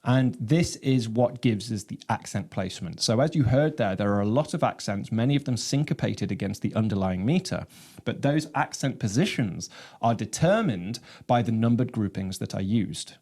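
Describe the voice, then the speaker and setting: A man teaching about his own snare drum composition, explaining rhythms in a measured way and counting them aloud. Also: on the low side, expressive, a little mellow. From England.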